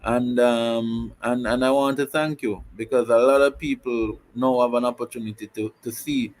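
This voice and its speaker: Earnest man, halting talk. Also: medium pitch, steady tone, a little mellow, slight background noise, rough recording. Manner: repeats himself while finding words, earnest. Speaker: guest commentator. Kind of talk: casual talk show chat.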